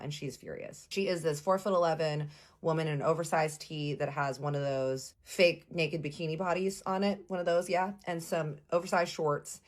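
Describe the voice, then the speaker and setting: Low-voiced woman telling a lively story. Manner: animated, acts out quotes, addresses listeners as y'all. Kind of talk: casual storytelling.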